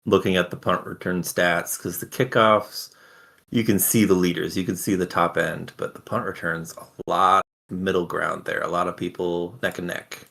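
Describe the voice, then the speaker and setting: A man co-hosting, chatting casually about sports stats in a relaxed way. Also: low voice, moderate pace, gravelly. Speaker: co-host.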